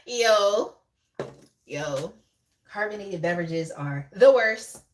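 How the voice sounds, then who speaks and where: A woman's voice: mid-range voice, lively intonation, unhurried, slight background noise. A young woman hosting a casual live tarot reading, chatty and laughing often as she talks to viewers in the chat by name. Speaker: tarot reader on a live stream.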